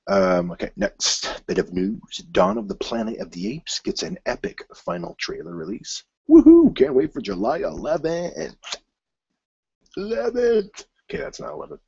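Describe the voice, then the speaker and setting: A man hosting his own film news show, rambling casually with many fillers and restarts and bursts of excitement. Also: sits low, husky, no room sound, dull audio.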